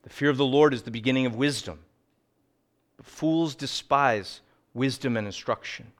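A middle-aged man preaching a sermon as pastor, earnest, sometimes dropping low and quiet for emphasis, sometimes telling lively stories. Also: normal speed. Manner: animated storytelling with acted quotes.

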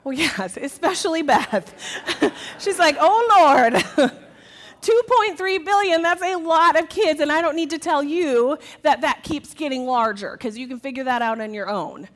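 A woman giving a jokey, lively talk to a church audience about children's ministry, acting out quotes in a raised voice. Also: high-pitched, moderate pace.

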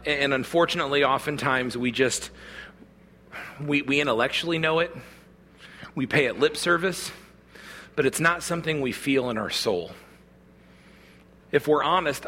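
A pastor with a fairly high, bright, forceful voice preaches a sermon, addressing his congregation in an earnest, conversational way. A long reverb tail follows his speech.

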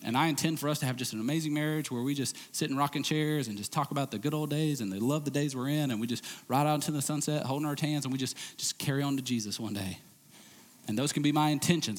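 A middle-aged man preaches to his congregation, his voice sitting in an ordinary register. He swings from loud, emphatic declarations down to hushed, intense lines. The sound carries the long reverb of a church sanctuary. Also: mid-range voice. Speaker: pastor. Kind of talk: sermon.

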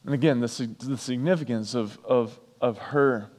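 A pastor preaching a sermon, repeating key lines for emphasis and breaking off for chatty asides. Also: male voice, mid-range voice, normal speed, darkish tone, in a large hall.

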